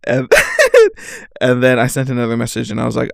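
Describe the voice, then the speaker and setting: Gravelly young man telling a rambling story. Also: mid-range voice, flat delivery, normal speed, long pauses, darkish tone, no room sound, studio quality. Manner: rambling, swearing, laughing, lots of "like". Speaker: podcast host. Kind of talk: casual storytelling monologue.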